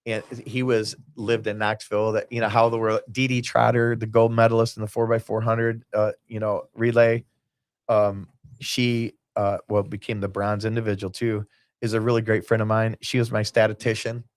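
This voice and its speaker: With a fairly low pitch and flat delivery at normal speed, this podcast guest, a basketball team owner, chats casually with no echo in the audio. He wanders between tangents, telling stories and performing other people's quotes.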